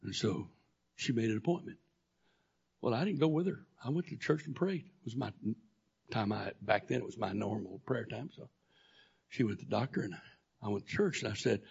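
A male pastor telling a personal testimony in a sermon, animated, acting out the dialogue as he goes. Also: on the low side, fairly quick, long pauses. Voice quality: gravelly, husky. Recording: dull lo-fi recording.

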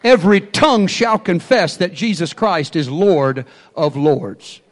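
A man preaches in an emphatic, call-and-response style. His voice sits high for a man, and he moves from hushed stretches to strong, rising lines. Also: lively intonation, a little slow. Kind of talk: sermon.

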